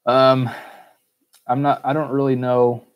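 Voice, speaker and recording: A man's voice: mid-range voice, little pitch movement, a little slow, clear, resonant tone. An American man hosting a casual solo Q&A podcast, rambling, cursing freely and joking at his own expense. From United States. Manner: rambling, swears a lot, self-mocking. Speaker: podcast host.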